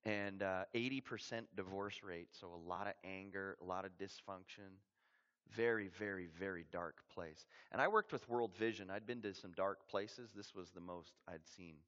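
Canadian male preacher, lively storyteller who acts out the voices and drops to near-whispers for effect, somewhat muffled recording. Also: low voice, normal speed. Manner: animated storyteller, acts out dialogue, dramatic drops to quiet. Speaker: missionary preacher. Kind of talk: sermon storytelling.

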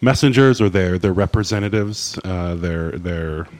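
A man's voice: low voice, unhurried, darkish tone. A man co-hosting a theology podcast, thinking aloud with hesitant restarts. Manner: thoughtful, hesitant, with many restarts. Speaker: podcast co-host. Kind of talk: casual podcast chat about theology.

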